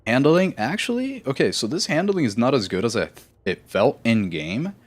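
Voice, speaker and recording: A man's voice: mid-range voice, very animated, normal speed. A man streaming a game live, chatting casually in a rambling, self-correcting way and laughing easily.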